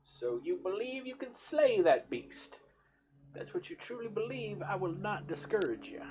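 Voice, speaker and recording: A man voicing an old female village healer with a put-on Southern accent, drawling in a high, exaggerated granny voice for a horror game. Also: background noise.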